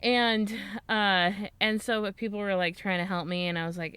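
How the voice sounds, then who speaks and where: A woman's voice: mid-range voice, steady tone, moderate pace, bright, forceful tone, clear, resonant tone, dry recording. A young woman co-hosting a podcast, telling a rambling story in casual chat, swearing freely and laughing often. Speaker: podcast co-host.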